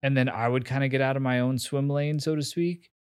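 A man in his forties tells a story as a podcast guest, candid and self-mocking, with casual swearing and plenty of fillers. His voice sits at an ordinary middle pitch. The sound is dry and close, with no room around it. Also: fairly even intonation, fairly quick, darkish tone, smooth, dry recording. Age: 40s. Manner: candid, swears freely, laughs at himself, many fillers and restarts. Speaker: interview guest.

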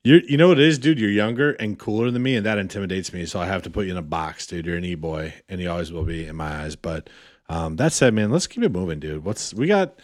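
Deep-voiced laid-back podcast guy. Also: expressive, quick pace, no echo, clean studio sound. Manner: laid-back, peppers speech with "man" and "dude". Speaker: podcast co-host. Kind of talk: casual podcast banter.

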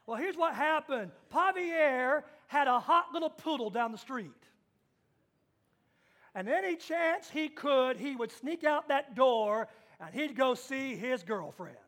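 Male pastor, very high voice, animated storytelling sermon. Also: takes it slowly. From Kansas. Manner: storytelling with acted-out quotes, swings from hushed to loud.

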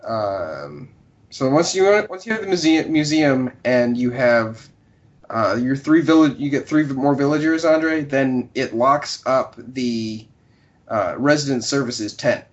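A man co-hosting a casual podcast chat, talking loosely and acting out characters in quick quoted bits. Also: mid-range voice. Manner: animated, acts out game characters in quick quotes. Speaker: podcast co-host. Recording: dull lo-fi sound.

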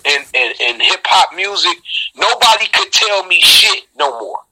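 Male rapper, middle-aged, husky and bright, animated profane storyteller. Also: a little slow, low-quality recording. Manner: animated and profane, reenacting quotes with sudden high shouts. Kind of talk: storytelling in a casual interview.

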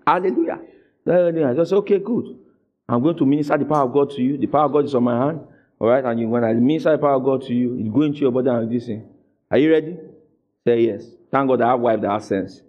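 A man preaching a sermon as a pastor, acting out dialogue in an animated way. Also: fairly high pitch, fairly quick.

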